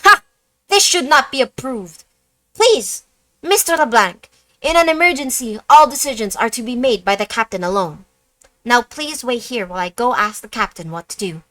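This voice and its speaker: A woman's voice: fairly high pitch, lively intonation, moderate pace, a bit bright, no room sound, voice pushed up. A woman voicing a strict, formal female flight attendant who gives firm orders. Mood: stern. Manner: crisp, commanding, formal.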